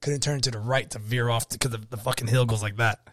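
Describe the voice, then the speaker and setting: A man co-hosting a casual podcast, swearing freely as he tells an animated story. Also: medium pitch, fast talker, dry recording. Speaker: podcast co-host.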